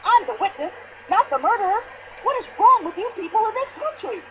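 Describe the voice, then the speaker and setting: An actress playing a pushy, indignant older American widow in a mystery video game, complaining at length in a shrill voice. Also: female voice, very animated, fairly quick, sharp tone, muffled recording, slight background noise, exaggerated voice. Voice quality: shrill, complaining, long-winded.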